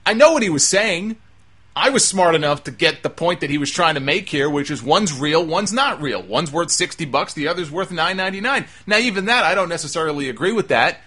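A man's voice: fairly high pitch, lively intonation, fairly quick, pushed and bright, husky. A man hosting a talk show, delivering an emphatic, exasperated opinion monologue. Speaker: wrestling talk show host.

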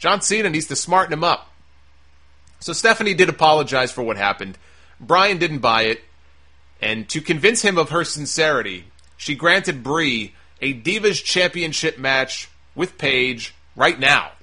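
A man's voice: on the high side, unhurried. A man hosting a podcast, recapping wrestling in a casual, sarcastic, profane rant. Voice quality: sarcastic, animated, swears freely.

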